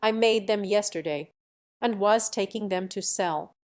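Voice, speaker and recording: A woman's voice: mid-range voice, measured pace, natural voice. A woman reading a storybook and voicing a humble young dairymaid who speaks earnestly and pleads. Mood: pleading.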